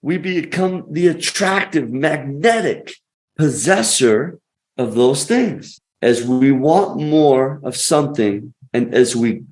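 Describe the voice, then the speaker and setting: Guy on a podcast telling stories, pretty high voice, punchy and pumped up, preachy motivational vibe. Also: expressive, slow, a little mellow. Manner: emphatic, motivational, punchy phrasing. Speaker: podcast guest. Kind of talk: conversational storytelling.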